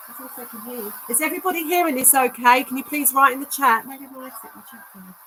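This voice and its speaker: A woman's voice: sits high, fast talker, fairly bright tone, a little hiss or hum, poor audio. A woman hosting a paranormal livestream at home, coaxing and chatting in a sing-song way. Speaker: paranormal vlog host. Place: indoors at home, carpeted room.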